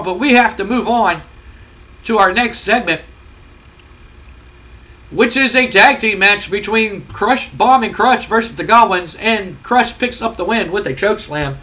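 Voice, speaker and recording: A high-pitched man with a bright, forward voice talks through a wrestling simulation game. He rambles casually and swears freely as he recaps each match. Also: low-quality recording. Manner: rambling, profane, conversational. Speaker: let's play host.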